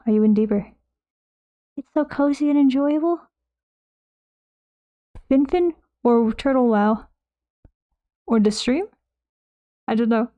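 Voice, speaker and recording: A woman's voice: fairly high pitch, slow, pauses often, lo-fi sound. A young woman streamer chatting casually while painting, playful and swearing freely.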